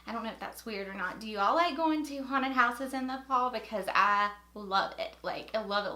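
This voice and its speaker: A woman's voice: fairly high pitch, moderate pace, bright, forceful tone, roomy sound. A woman in her thirties from North Carolina with a Southern accent, chatting upbeat through a makeup tutorial. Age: 30s. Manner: chatty, upbeat, repeats words for emphasis. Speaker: beauty vlogger. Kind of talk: casual makeup tutorial chat.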